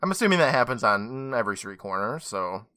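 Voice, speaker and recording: A man co-hosting a podcast in casual chat, jokey and quick to laugh. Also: on the low side, dry recording, studio quality. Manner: animated, jokey, laughs often. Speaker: podcast co-host.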